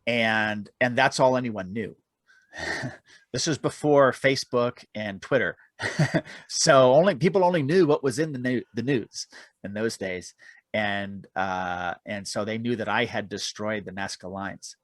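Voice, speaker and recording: A man's voice: lowish voice, a little slow, no echo. A man being interviewed on a podcast, telling long self-deprecating stories and laughing often. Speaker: guest, aerial cameraman and author.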